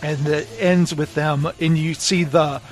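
A man's voice: fairly high pitch, fairly even intonation, unhurried, faint music behind. A man co-hosting a casual book talk, animatedly retelling the plot and acting out the characters' lines. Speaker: podcast co-host.

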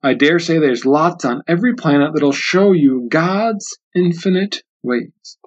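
A man reading aloud as a tart old grandmother back from the dead, speaking slowly in a raised, pert voice. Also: fairly high pitch. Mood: serene. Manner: pert, unbothered, slow and raised. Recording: dull lo-fi sound.

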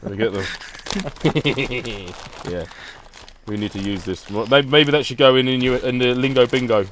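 A man's voice: medium pitch, moderate pace, noisy background. A man co-hosting a podcast, ranting with laughter in a casual chat. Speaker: podcast co-host.

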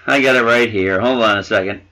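A man in casual chat reviewing a film with friends, animated, swearing and laughing while he hunts for names. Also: lowish voice, a little fast, rough recording. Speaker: podcast co-host reviewing a film.

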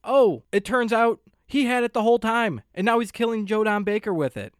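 A man's voice: high voice, brisk, clean tone, dry recording, studio quality. A man co-hosting a casual movie review chat, sarcastic and joking about plot holes. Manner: sarcastic, wry jokes. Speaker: podcast co-host.

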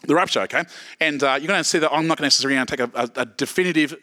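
Australian preacher, middle-aged, chatty and joking, bright forceful tone, slightly high. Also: male voice, rapid-fire. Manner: casual, joking, lots of okays and restarts. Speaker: pastor. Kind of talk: sermon.

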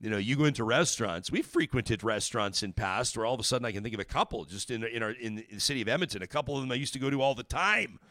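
A man hosting a talk show, commenting on news in a casual, animated and indignant way with many restarts. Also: medium pitch, quick pace, hardly any pauses, no room sound, clean studio sound.

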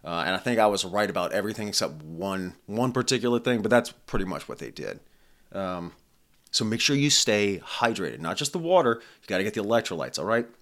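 A man's voice: lowish voice, sing-song, fairly quick, a bit bright. A man hosting his own podcast, talking in a blunt, profane, rambling casual monologue. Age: adult. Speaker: podcast host.

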